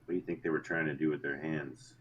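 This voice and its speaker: A man's voice: very deep voice, little pitch movement, fast talker, slightly rough, highs cut off. A man playing a tabletop game who asks many curious questions. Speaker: player. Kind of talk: casual play.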